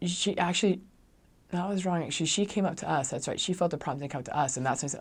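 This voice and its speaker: Young guy telling a story, chatty, keeps saying like, pretty animated. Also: on the high side, quick pace, slightly rough. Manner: chatty, heavy use of "like", animated. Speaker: returned missionary. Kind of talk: casual storytelling.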